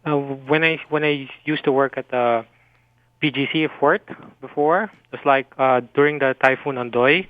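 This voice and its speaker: A man in his thirties with a Filipino accent, calling in and telling his story haltingly. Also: mid-range voice, dry recording. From Philippines. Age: 30s. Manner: hesitant, halting with fillers. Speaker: caller. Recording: tinny phone line.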